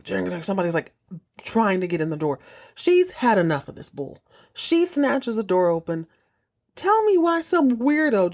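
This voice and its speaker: A woman hosting a podcast, recapping a TV episode in casual chat, jokey and animated, acting out the characters' lines. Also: medium pitch.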